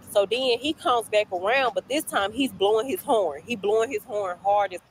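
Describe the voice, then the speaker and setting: A woman's voice: fairly high pitch, lively intonation, quick pace, a little hiss or hum, rough recording. A woman casually telling a storytime to her viewers, chatty, repeating herself and addressing the audience often, recorded while on a break at work. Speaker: storytime vlogger.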